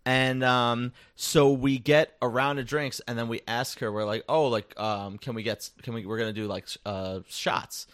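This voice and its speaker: A young man co-hosting a casual podcast chat, telling stories with animated delivery and bursts of disbelief. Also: medium pitch, normal speed, few pauses, dry recording, studio quality. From New York area. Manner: animated storytelling, breaks into shouts of disbelief. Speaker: podcast co-host.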